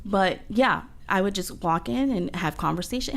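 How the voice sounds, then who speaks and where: A woman's voice: on the high side, brisk, few pauses, a little hiss or hum. Young woman, podcast guest; upbeat, chatty, laughs easily. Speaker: agency coordinator, guest. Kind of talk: casual interview chat.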